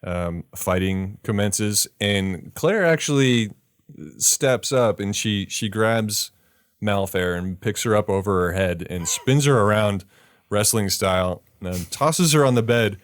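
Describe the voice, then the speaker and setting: A man's voice: fairly low pitch, unhurried, no echo, clean studio sound. A man co-hosting a podcast, recapping a film plot in casual chat with fillers and laughter. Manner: recaps scenes at length with fillers, laughs at own jokes. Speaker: podcast co-host.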